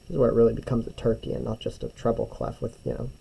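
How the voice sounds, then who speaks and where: Young male music teacher, warm low-key tone, patient step-by-step instruction. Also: sing-song, quick pace, gravelly, breathy edge, poor audio. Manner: patient, step-by-step, often checks with "right?". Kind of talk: drawing tutorial lesson.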